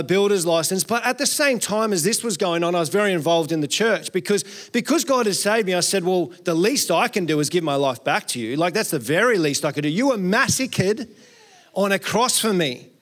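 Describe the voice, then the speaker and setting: A middle-aged man with an Australian accent, a pastor giving an earnest personal testimony, his voice jumping up in pitch as he laughs at himself. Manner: earnest and animated storytelling, sudden rises in pitch, self-deprecating laughs.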